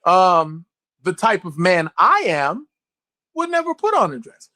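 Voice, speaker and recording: A man gives a candid interview in a swearing, animated, storytelling way. His pitch rises and falls freely. The sound is dry and close, with almost no room echo. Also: unhurried. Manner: blunt and profane, animated storytelling. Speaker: actor, interview guest.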